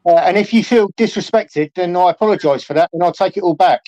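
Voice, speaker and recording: A man with a high voice, hesitant and apologetic as he talks on a livestream panel. The sound is dry and close, with dull, lo-fi audio. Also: quick pace, mellow, no room sound. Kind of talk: casual livestream panel chat.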